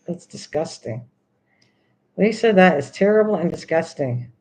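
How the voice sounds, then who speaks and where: A woman's voice: lowish voice, animated, unhurried, darkish tone, a little hiss or hum, low-quality recording. An older woman hosting a craft video, chatting casually and teasingly, repeating words over and over while she works.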